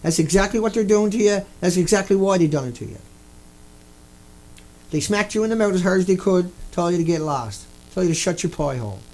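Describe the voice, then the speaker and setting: A man's voice: high voice, lively intonation, fairly quick, darkish tone. A man delivering an angry, repetitive rant, swearing often as he talks to his viewers. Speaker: video blogger.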